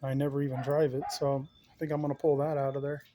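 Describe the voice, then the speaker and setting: A man's voice: mid-range voice, little pitch movement, fast talker, mellow, a little hiss or hum. A man chatting casually to his viewers while walking around his backyard, rambling and folksy. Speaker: yard vlogger. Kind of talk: casual walk-around chat. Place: outdoors in a backyard.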